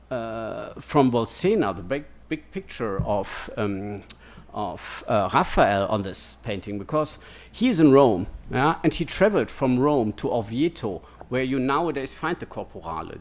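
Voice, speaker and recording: A man giving an academic lecture in a digressive way, checking in with "yeah?" and "no?" as he goes. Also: mid-range voice. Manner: digressive, keeps asking "yeah?" and "no?".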